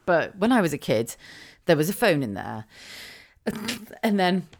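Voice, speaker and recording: A middle-aged woman chats through her own podcast. Her voice sits low but leaps up and down with lively swings. She talks on her own, with quick asides, rhetorical questions and frequent laughs. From England (Wiltshire). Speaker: podcast host. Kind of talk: casual solo podcast monologue.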